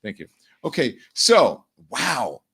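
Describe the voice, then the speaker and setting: A man's voice: mid-range voice, huge pitch swings, vocal fry, fairly bright tone, breathy edge. Conversational male talk show host. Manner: conversational, then brisk read of an ad.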